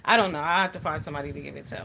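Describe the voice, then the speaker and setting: Bright-voiced woman chatting on a livestream. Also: deep voice, rapid-fire, vocal fry, slight background noise. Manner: animated, greets viewers, swings from loud to quiet. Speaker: livestream vlogger. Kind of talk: casual livestream chat. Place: home in the US Northeast.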